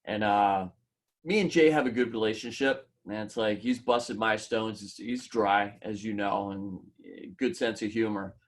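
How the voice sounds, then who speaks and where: A man's voice: on the low side, measured pace. A man who co-hosts a podcast, telling a story casually in loose, run-on sentences. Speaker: podcast co-host.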